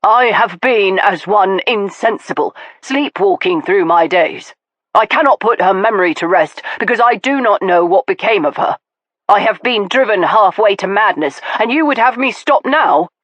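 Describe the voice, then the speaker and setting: A woman's voice: mid-range voice, expressive, moderate pace, a bit bright, no echo, pitched above the performer's own voice. A woman reading the part of a grieving middle-aged nobleman who speaks with impassioned earnestness. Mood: earnest. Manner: impassioned, pleading.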